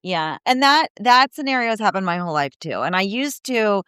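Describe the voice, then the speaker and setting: A woman guest in a casual podcast chat, telling stories with animation and slipping into the voices of people she quotes. She uses lots of "you know, like" fillers. Her voice is smooth and clear, and the recording is dry and close. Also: mid-range voice, sing-song, brisk, fairly bright tone, no echo. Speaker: guest, disability advocate and speaker.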